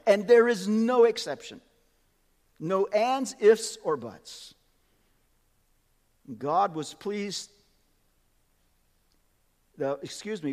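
A man preaching a sermon with emphasis, swinging from quiet asides to loud, lively peaks. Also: a little high, big-room sound.

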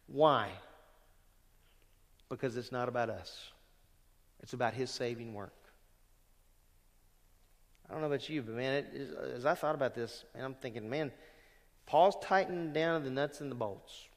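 A man preaching a sermon as pastor, emphatic, swelling loud on quoted verses and dropping low at the ends of phrases, calling questions out to the congregation. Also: unhurried, long pauses, long reverb tail. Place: church sanctuary.

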